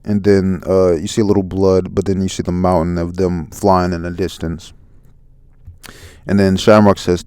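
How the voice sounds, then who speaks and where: A man casually recapping a manga chapter, relaxed with many fillers. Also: low voice, slow, pauses often, clean tone, dry recording. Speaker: manga reviewer.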